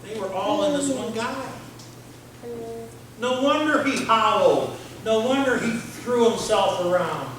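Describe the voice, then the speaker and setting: A man preaching a sermon as pastor, telling the story in an animated way, with playful sound effects and questions to the congregation. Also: sits high, unhurried. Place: church sanctuary. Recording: very echoey church room from a distance with noise.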